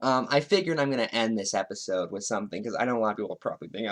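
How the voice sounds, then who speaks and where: A man's voice: lowish voice, lively intonation, very fast, hardly any pauses. Male host, sarcastic, wry solo commentary. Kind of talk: political commentary monologue.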